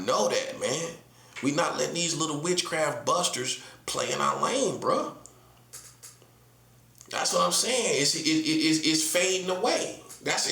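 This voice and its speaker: A man with a Southern accent from North Carolina preaches in a casual, emphatic monologue packed with slang and rhetorical questions. His voice is on the high side, gravelly and bright, with a forceful tone, and the room is echoey.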